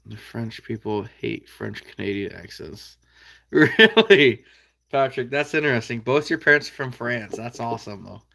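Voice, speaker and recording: Midwest guy hosting a livestream, folksy and laid back, bright voice, middle pitch. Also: animated, normal speed, gravelly. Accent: American Midwest. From Iowa. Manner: easygoing, folksy, chuckles often. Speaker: livestream host reading viewer comments. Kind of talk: casual livestream chat.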